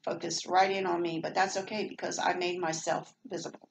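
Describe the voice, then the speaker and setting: A woman's voice: on the low side, level tone, brisk, gravelly, a little hiss or hum, low-quality recording. A middle-aged woman with a Southern American accent, chatting at length in a meandering home vlog with lots of fillers and restarts. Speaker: vlogger. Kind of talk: rambling casual monologue.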